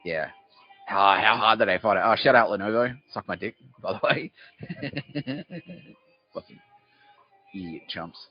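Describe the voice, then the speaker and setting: A man's voice: on the low side, measured pace, long pauses. A man hosting a podcast, delivering a profane, rambling comedic monologue in a mock-conspiratorial way. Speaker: podcast host. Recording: dull lo-fi with faint music.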